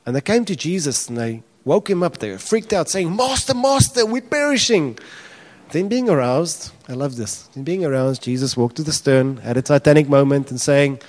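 Animated pastor preaching. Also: male voice, mid-range voice. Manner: animated, acts out quotes with raised voice. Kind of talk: sermon.

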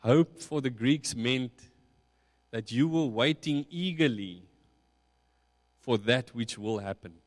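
Male pastor, mid voice, measured reflective sermon delivery, long reverb of a large hall. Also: medium pitch. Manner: slow, reflective preaching with rising emphasis.

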